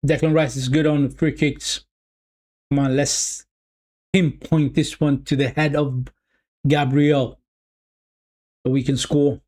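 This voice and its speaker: Fan streamer, male, slightly high voice, excitable and repetitive, addresses viewers as "people". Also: slow pace, pauses often. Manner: calls the play loosely, repeating himself. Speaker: watch-along streamer. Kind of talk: live football watch-along commentary.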